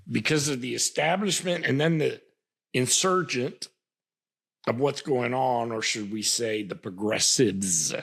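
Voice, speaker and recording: A man's voice: medium pitch, vocal fry, breathy edge. A man hosting a podcast, delivering a passionate political commentary monologue with frequent stammering restarts. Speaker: podcast host.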